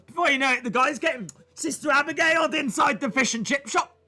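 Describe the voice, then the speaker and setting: A man's voice: extremely high pitch, big pitch swings, fast talker, sharp tone. A man casually reacting to wrestling live, joking, rambling and acting out silly voices.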